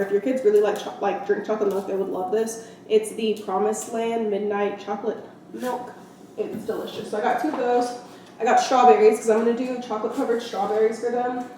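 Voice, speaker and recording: A young woman chats through a home shopping haul as a mother, wandering off-topic with filler words. Her voice sits a little high. The camera is set down a few steps away in a very echoey room with steady background noise. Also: far from the mic. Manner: chatty and rambling, lots of "like". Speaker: vlogger, mother. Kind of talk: casual haul vlog. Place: at home, indoors. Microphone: camera set down nearby. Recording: very echoey room, off-mic, noisy.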